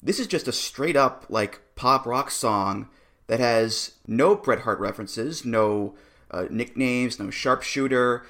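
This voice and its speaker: A man's voice: medium pitch, slow pace, a bit bright. A man co-hosting a podcast, chatting casually and with amusement, laughing often and restarting his sentences. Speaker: podcast co-host. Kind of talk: casual review chat.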